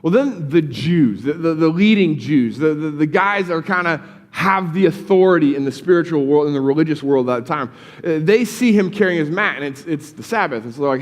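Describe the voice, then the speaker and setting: A man's voice: on the high side, lively intonation, brisk. Preaching man in a reverberant hall. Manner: conversational, repeats words when starting sentences. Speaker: pastor. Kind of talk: sermon. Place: church sanctuary.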